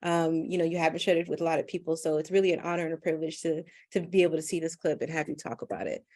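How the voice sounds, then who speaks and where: Chatty low-voiced woman moderator. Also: fairly even intonation, very fast, a little mellow. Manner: chatty, with many fillers. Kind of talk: casual interview hosting.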